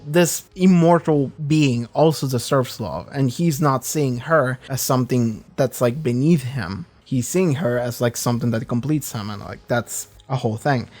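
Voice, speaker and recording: A man hosting a reaction channel, rambling casually about a TV episode with frequent swearing and animated asides. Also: mid-range voice. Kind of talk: casual commentary.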